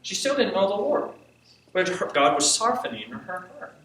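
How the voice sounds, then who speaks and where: A man preaching, telling a personal story with animated quotes and frequent laughs. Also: high-pitched, normal speed. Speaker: preacher teaching on intercession. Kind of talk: sermon storytelling. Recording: echoey hall from far off, faint hiss.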